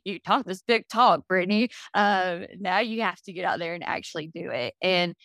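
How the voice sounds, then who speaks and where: A woman from Florida, a business owner appearing as a podcast guest, tells her story candidly in casual interview talk, with lots of fillers. Her voice is fairly low and fairly bright, at a moderate pace, in a dry recording.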